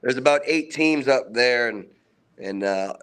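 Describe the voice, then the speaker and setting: A man's voice: mid-range voice, animated, a bit bright, smooth. Humble man with a mixed Boston accent. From Massachusetts, south of Boston. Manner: humble, halting, many fillers and restarts. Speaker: assistant rugby coach, guest. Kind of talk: casual interview.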